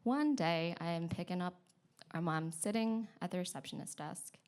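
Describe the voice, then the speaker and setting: A woman's voice: lowish voice, normal speed, darkish tone, clear, resonant tone. A woman telling a personal story on stage at a story slam, chatty and self-deprecating, laughing often between lines. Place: stage at a live story event.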